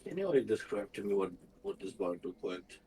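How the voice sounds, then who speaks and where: A man's voice: fairly low pitch, expressive, a little fast, warm tone, breathy edge. A man speaking as a player in a tabletop game, asking questions in a dry way. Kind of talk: casual in-character chat.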